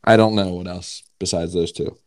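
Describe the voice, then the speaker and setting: Low-voiced man guessing trivia. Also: fairly even intonation, moderate pace, no echo. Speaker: podcast co-host, contestant. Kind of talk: casual podcast banter.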